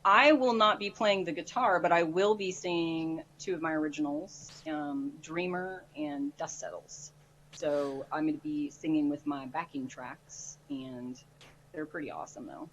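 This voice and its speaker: Woman, giggly, chatty, filler-heavy, lowish voice, faint hiss behind. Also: animated, a little slow, fairly bright tone, highs cut off. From United States. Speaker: guest singer. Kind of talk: casual chat on a live stream.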